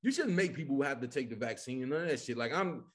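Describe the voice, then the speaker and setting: A man from Chicago, a comedian guest, telling stories in casual podcast chat, animated and full of cursing. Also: mid-range voice, fast. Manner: animated, profane storytelling.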